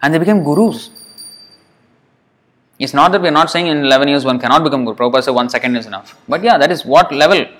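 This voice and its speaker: A man's voice: on the high side, fast, fairly bright tone, low-quality recording. A man giving a spiritual lecture to devotees, earnest and explanatory, often repeating phrases for emphasis. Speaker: religious teacher.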